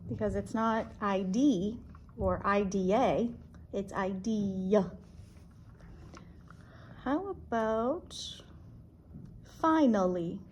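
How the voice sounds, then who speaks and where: A woman teaching a one-on-one phonics lesson, patient, slow and clear, stretching out sounds. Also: medium pitch, expressive. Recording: echoey room, distant mic, background noise.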